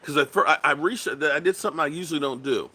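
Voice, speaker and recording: A man's voice: fairly high pitch, fast talker, bright, forceful tone, breathy edge. A man hosting a casual sports livestream, rambling loosely, reading viewer comments aloud and swearing bluntly. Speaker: sports channel host.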